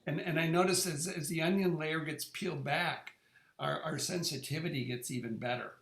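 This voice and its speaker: A man's voice: fairly high pitch, fairly even intonation, moderate pace, creaky, a bit bright. A middle-aged man talking casually about his own experience, often repeating words and restarting sentences. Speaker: presenter sharing his experience. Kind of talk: casual conversational talk. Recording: echoey room.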